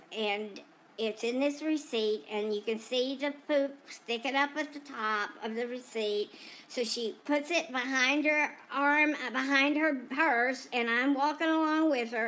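A woman's voice: high-pitched, a bit bright. A woman voicing a chatty female dog who tells about her day in a rambling, gossipy way, full of asides. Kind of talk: first-person pet vlog narration.

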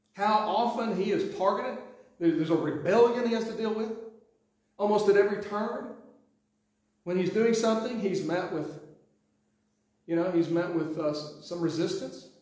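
Preaching in a very echoey church sanctuary, this Sweetwater pastor has a high-pitched, slightly mellow voice and takes his time with long pauses. His delivery is conversational, with many restarts and acted-out readings of quotes.

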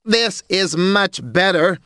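A man voicing a clever, cheeky male monkey in a high, playful, sly voice over music. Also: lively intonation, slow, bright, forceful tone, clear, resonant tone, no room sound, studio quality, exaggerated voice. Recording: music bed underneath.

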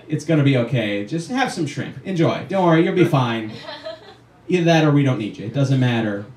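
A man's voice: medium pitch, expressive, fairly quick, a little mellow. A man doing a stand-up comedy set in a small club, sarcastic and ranting, swearing often. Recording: roomy club audio from far off.

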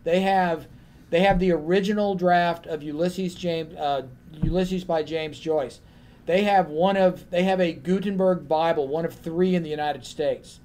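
Guy with a pretty high voice spinning a story on a panel, does little voices for people. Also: measured pace. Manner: lively storyteller, acts out others in quotes. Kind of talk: storytelling anecdote on a convention panel.

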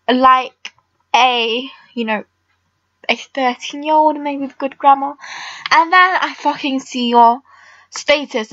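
A woman's voice: high-pitched, a bit bright, dry recording, lo-fi sound. A teenage girl chatting casually over her game recording, rambling and blunt with lots of filler words. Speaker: gamer vlogger.

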